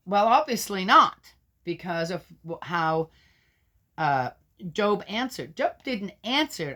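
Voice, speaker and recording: A woman's voice: mid-range voice, sing-song, takes it slowly. A woman reading scripture aloud, breaking off into skeptical, argumentative asides that sink to a mutter. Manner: interrupts herself with doubting, argumentative remarks; loud when reading, drops to mutters for asides. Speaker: scripture reader and commentator.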